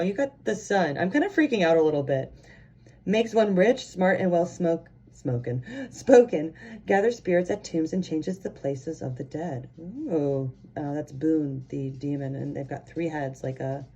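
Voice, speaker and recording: Chatty, excitable woman reading tarot. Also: fairly low pitch. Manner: chatty and excitable, rambling with many fillers. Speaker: tarot reader. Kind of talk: casual pick-a-card tarot reading.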